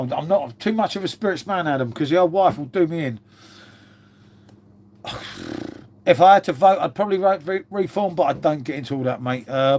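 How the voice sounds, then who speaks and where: A man chats loosely with viewers on a live stream. His voice sits a touch high for a man. He jokes, swears freely and calls everyone mate. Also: darkish tone. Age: 50s.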